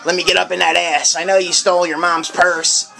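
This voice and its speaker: A man's voice: high voice, flat delivery, a little fast, vocal fry, bright, forceful tone, soft background music, full character voice. A man doing a leering Krampus creature. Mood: taunting. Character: menacing male Krampus creature taunting a kid.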